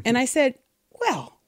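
A woman co-hosting a talk radio show tells a story with animated, emphatic delivery. Her voice sits a touch high. The studio sound is dry, with no room echo. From United States. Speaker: radio co-host.

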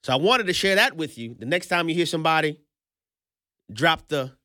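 A male show host delivers political commentary in a bright, tense voice. His pitch swings widely as he repeats his points for emphasis. The sound is dry and close to the mic. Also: animated, moderate pace, no echo. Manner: playful, repeats points emphatically, laughs often.

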